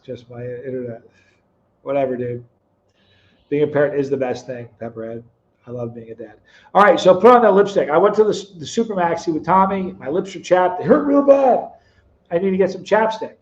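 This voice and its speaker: A middle-aged man hosting a live stream, reading chat comments aloud, teasing viewers by name and telling stories in a relaxed, chatty way. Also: a little high, dull audio. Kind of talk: casual chat.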